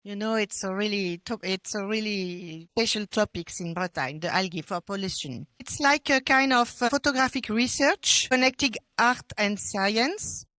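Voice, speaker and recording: A woman's voice: mid-range voice, normal speed, hardly any pauses, pushed and bright, no echo. A woman with a French accent presenting a photo exhibition, hesitant and full of restarts. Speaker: exhibition curator. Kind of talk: exhibition guide talk.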